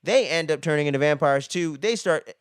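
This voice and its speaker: A man rattles through a film recap in loose, slangy talk, swearing freely and tagging "man" onto nearly every phrase. His voice sits a little high and sounds smooth and clear. The recording is dry and close. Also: fairly quick, no room sound. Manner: slangy and profane, ends many phrases with "man". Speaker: movie reviewer. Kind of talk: casual spoiler movie review.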